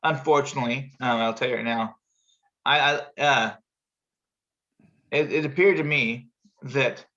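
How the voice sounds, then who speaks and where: A man's voice: medium pitch, measured pace, long pauses, pushed and bright, dull audio. A man hosting a casual video-call chat, telling a long rambling story and acting out what people said with big jumps in his voice. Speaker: show host telling a story.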